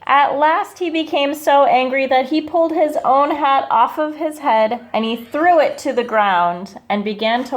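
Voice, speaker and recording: A woman teacher reading a picture book aloud to children, slow and expressive, stopping to ask them questions. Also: high-pitched.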